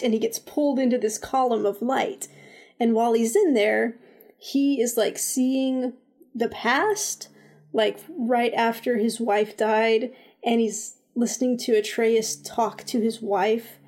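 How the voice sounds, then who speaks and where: A young woman co-hosting a casual chat, retelling a video game's story in an animated, emphatic way. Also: a little high, a little slow. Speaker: podcast co-host.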